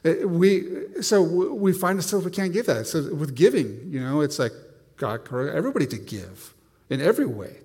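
A man's voice: a little high, very animated, normal speed, a little mellow, breathy edge, long reverb tail. A man preaching a sermon, telling self-deprecating stories with frequent restarts.

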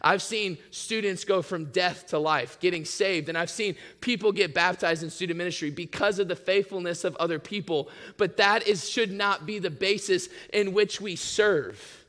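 A man's voice: high-pitched, moderate pace, hardly any pauses, bright, forceful tone, big-room sound. A man preaching in a casual, conversational way as a student ministry pastor. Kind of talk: sermon.

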